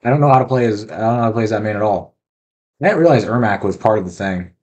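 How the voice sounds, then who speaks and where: A man's voice: fairly low pitch, racing, darkish tone, husky, highs cut off. A man giving casual, profane, joking commentary while playing a fighting game. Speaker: gameplay commentator.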